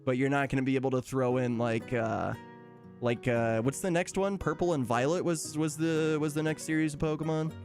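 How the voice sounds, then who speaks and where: A man's voice: medium pitch, fairly even intonation, moderate pace, a little mellow, faint music behind. A man streaming casually, chatting with his viewers, laughing often and reading out their messages. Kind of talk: casual live-stream chat.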